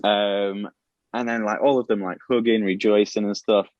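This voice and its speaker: A man's voice: on the low side, steady tone, normal speed, no room sound. A man on a podcast casually retelling a plot idea, rambling with many restarts and fillers. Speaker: podcast host pitching a show plot. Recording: dull, lo-fi and dry.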